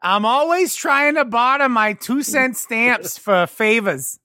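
A podcast co-host tells rambling stories in a casual chat. The voice is bright and clear. The sound is dry, from a close mic. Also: mid-range voice, expressive, slow, no echo. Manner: rambling storyteller, laughs through anecdotes.

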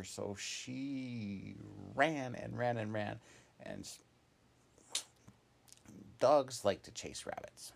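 A man's voice: medium pitch, vocal fry, breathy edge. A man telling an improvised children's story in a meandering, casual way, with many asides and fillers.

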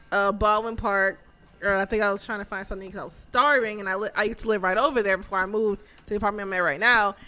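A woman co-hosting a casual chat, excitable and swearing freely as she acts out her own reactions. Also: medium pitch. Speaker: podcast co-host.

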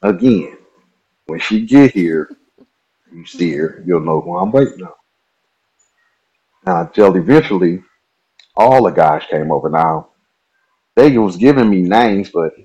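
Nebraska man, podcast guest, deep husky voice, relaxed chatty storyteller. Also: normal speed, pauses often, muffled recording. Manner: relaxed, chatty, laughs at himself. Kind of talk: casual storytelling.

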